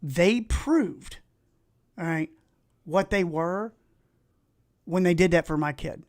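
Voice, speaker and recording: A middle-aged man with an Appalachian accent, chatting casually and excitably while streaming video games and telling rambling stories. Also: high-pitched, measured pace. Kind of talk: casual live-stream chat while gaming.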